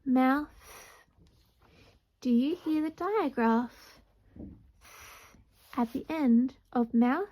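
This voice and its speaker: A woman teaching a phonics lesson to young children, slowly sounding out words syllable by syllable. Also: sits high, mellow. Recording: dull lo-fi recording.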